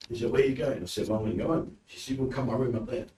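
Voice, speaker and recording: This UK man with a British accent speaks rapid-fire in a mid-range voice, telling lively anecdotes on a podcast and performing the quotes. He's recorded from a distance, so the audio is roomy and slightly noisy.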